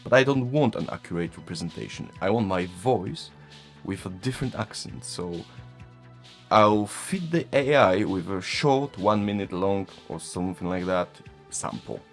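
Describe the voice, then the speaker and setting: With a low, animated voice at ordinary speed, a Polish-accented man from Poland, whose mother tongue is Polish, chats about tech. The vlogger often chuckles self-mockingly through the casual conversation. Quiet music sits in the background.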